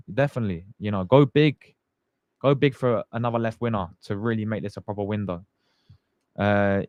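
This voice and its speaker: Young dude on a live stream, chatty and slangy, dry close mic. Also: male voice, lowish voice, clean tone, no room sound, highs cut off. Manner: chatty, greets viewers by name, slangy. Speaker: fan channel host. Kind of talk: casual live stream chat.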